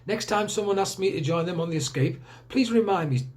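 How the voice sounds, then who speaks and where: A man's voice: high-pitched, expressive, a little fast, pitched above the performer's own voice. A man voicing a frightfully posh elderly lady who complains and sulks. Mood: huffy. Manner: haughty, complaining, sarcastic.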